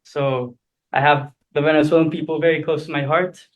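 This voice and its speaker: A man's voice: a little high, steady tone, fairly quick, muffled recording. Young Mexican-born man asking a question. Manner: formal, admiring. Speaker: student moderator.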